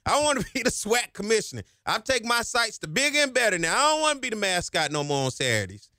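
A man hosts a talk radio show. His voice sits a little high and comes out bright and forceful, rising in passion the longer he talks. The studio sound is close and dry. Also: sing-song, fast talker, no room sound. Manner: passionate, gets himself hyped up as he talks. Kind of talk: energetic talk radio monologue. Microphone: studio microphone.

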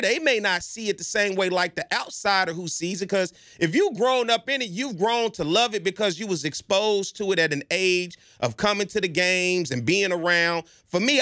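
Male sports fan-show host, high voice, slangy and persuasive, dry close sound. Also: pushed and bright, no echo. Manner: emphatic, persuasive, often addresses listeners directly; slangy and conversational. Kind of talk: casual commentary monologue.

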